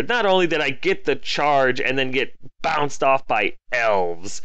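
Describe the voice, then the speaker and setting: A man's voice: medium pitch, fairly bright tone, clean tone, dry recording. A man narrating a tabletop battle report in a casual voice-over, turning from chatty recaps to comically exasperated rants. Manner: self-deprecating and chatty.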